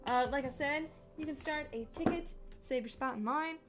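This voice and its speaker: A young woman, an artist livestreaming to her chat, talks casually with her audience in a bubbly way, packing her speech with "like." Her voice is high-pitched at a normal speed, with loud music playing behind her.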